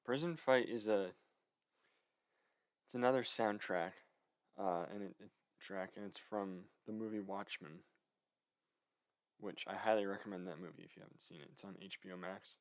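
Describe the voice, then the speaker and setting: A man's voice: deep voice, moderate pace, long pauses, no echo. A young man chatting casually to camera, rambling with many fillers and slightly out of breath. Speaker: vlogger. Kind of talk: casual chat.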